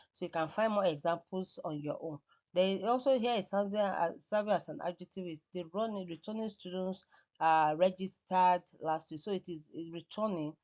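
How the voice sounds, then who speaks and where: A woman's voice: on the low side, darkish tone, dull audio. A woman lecturing on grammar over slides, hesitant, often repeating words and restarting. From Nigeria.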